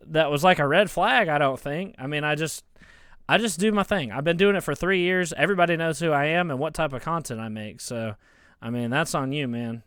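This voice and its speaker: A man's voice: on the high side, fairly bright tone, clean tone, dry recording, clean studio sound. A man ranting as a college football fan YouTuber, heated and mocking, often stammering and restarting, recorded on his phone. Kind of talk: casual ranting vlog.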